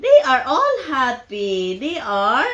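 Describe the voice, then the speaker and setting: A woman using slow, sing-song baby talk as she coaxes a toddler through words and counting. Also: a little high, wildly swooping pitch, bright, forceful tone, highs cut off. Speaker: parent teaching a toddler.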